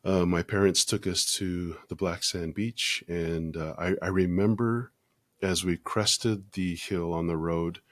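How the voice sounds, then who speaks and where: A man with a very low voice speaks as a podcast guest, earnest and measured, often pausing to gather his thoughts. The sound is close and dry, with no room echo. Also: steady tone. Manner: measured and earnest, with frequent pauses and fillers. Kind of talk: reflective interview conversation.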